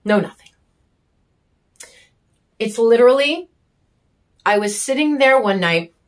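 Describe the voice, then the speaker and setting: A woman's voice: fairly high pitch, expressive, slow. A woman giving an emotional personal monologue, raw and intense, with bitter sarcasm, frequent swearing and emphatic repetition. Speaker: vlogger sharing her story.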